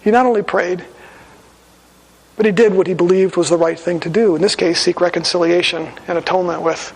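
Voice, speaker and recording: A man's voice: high-pitched, fairly even intonation, fairly quick, vocal fry, husky, big-room sound, low-quality recording. A male pastor preaching a sermon in a conversational, storytelling manner in a church sanctuary.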